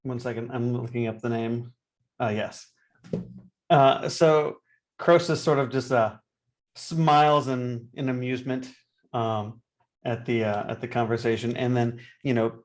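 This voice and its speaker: A man playing a tabletop game, describing his character's actions with many fillers. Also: medium pitch. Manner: hesitant, full of fillers. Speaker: player.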